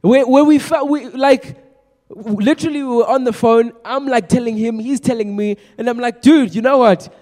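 A young man preaching to a youth group in a chatty, energetic way, often repeating his words. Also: very high-pitched, moderate pace. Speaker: youth pastor. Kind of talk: youth sermon. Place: large room with a youth audience. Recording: long echo of a large hall.

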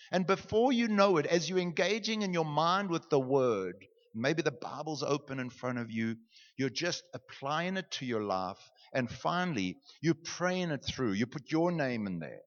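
A young man leads a class through a meditation lesson, joking and chatty as he goes. His voice rings out in a large hall with a long echo, and the recording sounds dull and muffled. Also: mid-range voice. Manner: animated, joking, conversational. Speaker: pastor teaching a class.

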